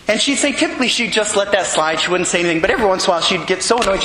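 A man preaching a sermon in an earnest, measured storytelling manner. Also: sits high, sharp tone, a little hiss or hum. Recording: echoey hall with long reverb.

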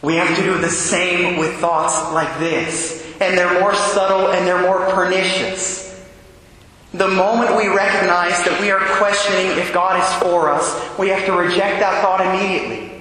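A man's voice: sits high, steady tone, normal speed, bright, forceful tone, slight background noise. A male Catholic priest giving a homily, earnest, asking his listeners many direct questions. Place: large church. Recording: very echoey church with long reverb.

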